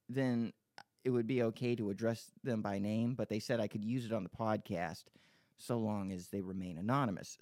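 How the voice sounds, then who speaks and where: A man's voice: medium pitch, darkish tone, no room sound, clean studio sound. A man hosting a podcast, rambling and joking, swearing freely as he chats and reads listener emails. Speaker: podcast host. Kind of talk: casual podcast chat.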